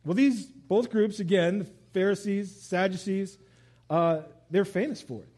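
Lively high-voiced man preaching. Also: measured pace. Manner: animated, conversational preaching with asides and laughs. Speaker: pastor. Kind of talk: sermon.

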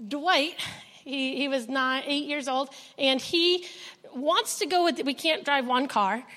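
A woman sharing a personal testimony with a church congregation, telling her story in an animated way and acting out the dialogue, close to tears. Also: high-pitched, slow pace, long reverb tail. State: emotional, near tears. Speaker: foster mother sharing a testimony. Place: church service.

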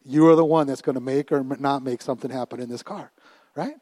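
A middle-aged man preaching a sermon as pastor, animated and laughing often, dropping to a hush and then rising loud, often repeating his words. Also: mid-range voice, quick pace, dry recording.

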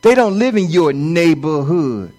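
Middle-aged male pastor, high-pitched, conversational sermon delivery. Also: animated, measured pace, a little mellow, low-quality recording. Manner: conversational preaching, acts out quoted voices.

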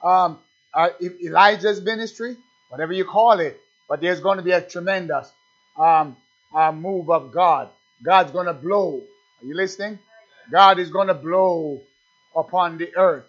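A man preaching a sermon, calling out to the congregation and building to loud, emphatic peaks. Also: sits high, moderate pace, muffled recording.

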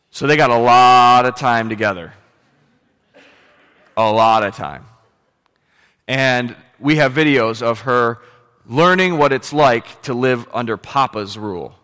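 A man preaching a sermon as pastor, moving from quiet storytelling into loud, emphatic exhortation. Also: medium pitch, big-room sound.

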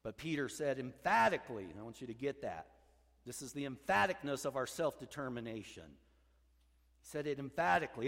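Male pastor, mid-pitched voice, emphatic sermon delivery that drops to hushed tones, long church reverb. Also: lively intonation, brisk. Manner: emphatic preaching, swinging between loud urging and hushed low lines.

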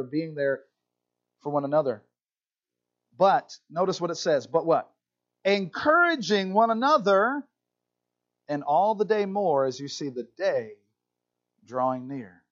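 Country-accented male pastor, high voice, animated sermon delivery, slightly muffled recording. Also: normal speed. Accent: Southern US country. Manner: animated preaching, asides to congregation.

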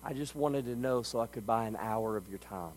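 A man voicing a small, timid little boy who speaks hesitantly and softly in a sermon story. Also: fairly low pitch, fairly quick, slight background noise, natural voice, rough recording. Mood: tearful. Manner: hesitant and soft-spoken.

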